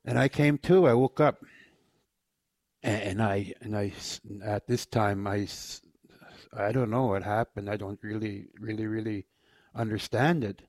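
A man telling his personal faith testimony in a halting, repetitive way, often trailing off quietly. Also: fairly low pitch, dry recording. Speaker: former inmate sharing his faith testimony.

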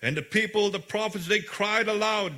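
A male preacher with a high, bright voice. He retells a scripture story in loose, conversational words, full of fillers and restarts. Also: normal speed. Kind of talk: sermon.

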